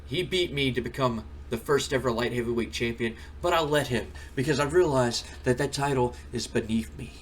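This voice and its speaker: A man's voice: mid-range voice, normal speed, few pauses, a little hiss or hum, lightly acted. A man voicing an arrogant male wrestler who complains indignantly. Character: arrogant male wrestler, whining, self-important.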